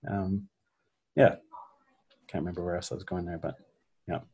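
A man, a songwriter, reflecting in an interview in a halting, soft-spoken way from his home garage. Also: low voice, little pitch movement, husky. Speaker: songwriter guest.

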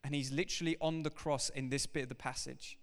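A man preaching a sermon to his congregation, animated and emphatic, talking straight to the people in front of him. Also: medium pitch, quick pace. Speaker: pastor. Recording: reverberant hall.

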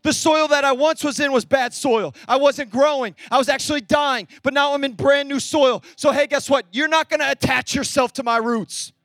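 A young man preaching a sermon, energetic and storytelling, acting out bits of dialogue. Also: very high voice, normal speed, hardly any pauses, dry recording. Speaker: pastor.

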